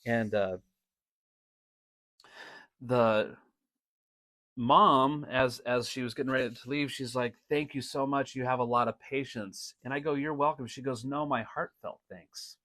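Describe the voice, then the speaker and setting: A middle-aged man hosting a podcast, telling a story in a casual, animated way, laughing often and restarting his sentences. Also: medium pitch, unhurried, long pauses, no room sound. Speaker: podcast host and drum teacher.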